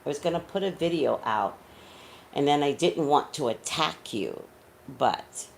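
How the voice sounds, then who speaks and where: Blunt scolding woman with gravelly low voice. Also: expressive, measured pace, slight background noise. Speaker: psychic commentator. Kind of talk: opinionated celebrity commentary.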